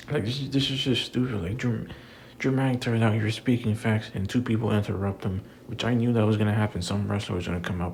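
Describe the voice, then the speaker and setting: A man's voice: fairly low pitch, gravelly, a little mellow, slight background noise. A man giving a heated, repetitive rant about wrestling, swearing often and stacking up fillers. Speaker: wrestling commentator. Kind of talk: ranting commentary.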